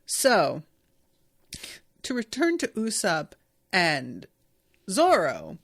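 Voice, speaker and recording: A young woman hosting a podcast, casually recapping an episode in an animated, giggly way. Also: on the low side, extremely slow. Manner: giggly, animated storytelling with frequent laughter. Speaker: podcast host.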